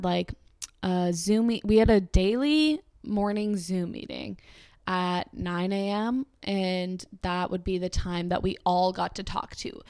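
A woman in her twenties tells a long personal story casually, rambling with lots of fillers and jumping into high, squeaky voices whenever she quotes people. Her voice is a little mellow and smooth, captured in clean, echo-free studio sound.

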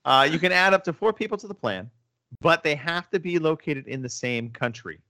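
A man's voice: on the high side, lively intonation, brisk, sharp tone, no room sound. A man hosting a casual gaming podcast, rambling with lots of fillers and restarts. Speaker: podcast host. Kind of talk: casual chat about video games.

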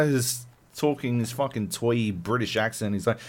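A man's voice: medium pitch, moderate pace. A man co-hosting a podcast, ranting profanely in casual chat. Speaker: podcast co-host.

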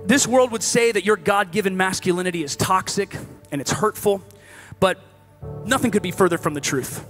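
A man preaching a sermon in a conversational, animated way, swinging from loud exhortation to hushed asides. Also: high voice, moderate pace, faint music behind.

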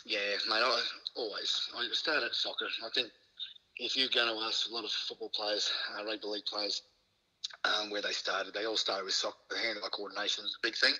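Bright-voiced Australian man telling stories. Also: lowish voice, a little fast, husky, rough recording. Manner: lively anecdotes, laughs often, swears casually. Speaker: guest, former rugby league player. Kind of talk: casual storytelling chat.

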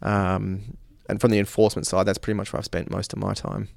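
Gravelly Australian man, rambling. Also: lowish voice, level tone, a little fast, no echo, studio quality. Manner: loose, rambling, heavy fillers. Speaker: visiting police officer. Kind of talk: casual interview.

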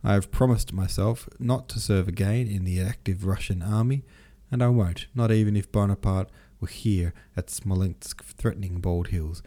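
A man's voice: sits low, moderate pace, few pauses, dark tone. A man reading the part of a brooding, bitter young nobleman who argues in a gloomy, cutting way.

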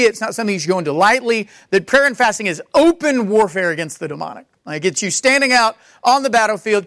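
A man's voice: high voice, sharp tone, dry recording, clean studio sound. A male pastor telling a story to his congregation in a conversational, rambling way with many fillers and restarts. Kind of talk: sermon storytelling.

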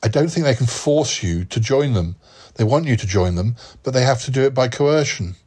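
A man in a relaxed podcast conversation, gently musing over a theory. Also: medium pitch, moderate pace, husky. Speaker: podcast host. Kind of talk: casual chat.

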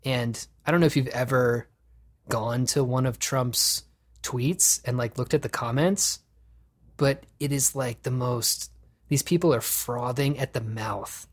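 A man hosting a podcast, chatting casually and profanely, animated and laughing often. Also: medium pitch, measured pace. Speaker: podcast host.

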